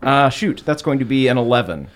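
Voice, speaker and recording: A man's voice: medium pitch, expressive, brisk. A man playing a tabletop game, joking around with the table. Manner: playful, joking. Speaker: player.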